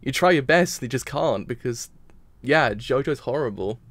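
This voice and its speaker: A man's voice: mid-range voice, lively intonation, moderate pace, a bit bright, dry recording. A man reacting to an anime episode in a casual stream, rambling and repeating himself while crying. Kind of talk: emotional casual reaction talk.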